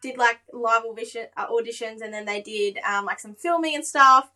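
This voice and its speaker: A woman's voice: a little high, normal speed, pushed and bright. A young Australian woman chatting as a podcast guest, telling stories with lots of laughter and acted-out quotes. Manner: chatty, laughs often, acts out quoted voices. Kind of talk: casual storytelling.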